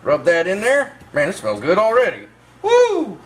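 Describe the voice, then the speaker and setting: A man hosting a cooking channel, talking viewers through a recipe step by step in a relaxed, folksy way. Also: on the high side, moderate pace, slight background noise. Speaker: host of a barbecue cooking channel. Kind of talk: casual cooking demonstration.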